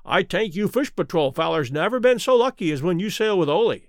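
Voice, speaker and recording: Brief: man putting on a broad Swedish seaman, heavy dialect, lively swooping voice, dry close sound. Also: sits high, a little fast, no room sound. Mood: gleeful. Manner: thick dialect, fretful. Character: big cheerful Swedish sailor man.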